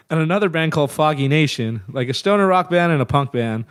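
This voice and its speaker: A man's voice: fairly high pitch, expressive, normal speed, clear, resonant tone, dry recording, clean studio sound. A man in his thirties telling band stories in a casual, profane, rambling way as an interview guest. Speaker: guest musician.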